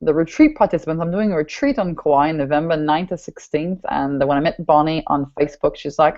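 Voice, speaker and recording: A woman hosting an interview podcast, talking in an animated, emphatic way and often repeating her words. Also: deep voice, brisk, vocal fry. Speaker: podcast host. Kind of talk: enthusiastic interview chat. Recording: dull lo-fi audio.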